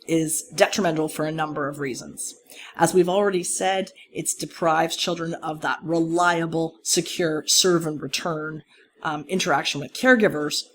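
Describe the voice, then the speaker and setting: A lecturer in a recorded course talk who explains material step by step and speaks straight to students. The delivery leans on key words for emphasis and pauses often to rephrase a point. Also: mid-range voice, a little hiss or hum.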